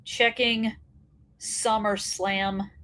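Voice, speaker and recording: A woman's voice: medium pitch, level tone, extremely slow, a bit bright. A woman hosting a wrestling commentary show, ranting bluntly and profanely, fired up.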